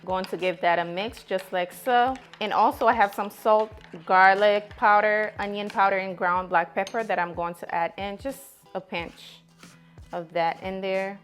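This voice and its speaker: A woman's voice: mid-range voice, fairly even intonation, measured pace, faint music behind. A woman hosting her own cooking channel, chatting to viewers as she walks through a recipe step by step. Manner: chatty, talks straight to viewers as "you guys". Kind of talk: casual cooking tutorial.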